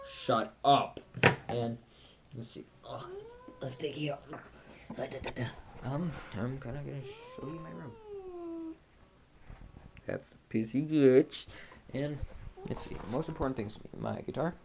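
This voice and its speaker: A man's voice: mid-range voice, a little mellow, a little hiss or hum. A teenage boy vlogging casually from his bedroom, rambling and joking while he holds a cat. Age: teens. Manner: rambling, jokey, talks to a cat. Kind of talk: casual chat to camera. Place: bedroom at home.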